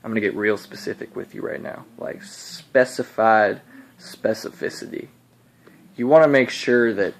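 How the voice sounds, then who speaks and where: A man's voice: lowish voice, moderate pace, gravelly. A young man, a college student, giving casual, earnest and somewhat rambling advice on writing. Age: young adult. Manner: earnest, rambling explainer with restarts. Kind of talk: casual instructional video.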